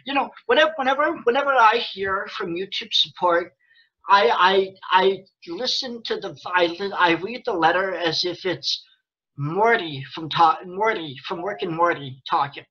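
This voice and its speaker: A man's voice: high-pitched, moderate pace, sharp tone, husky, lo-fi sound. A man ranting angrily and sarcastically to his viewers, swearing often and restarting his sentences. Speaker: vlogger. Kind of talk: angry rant to camera.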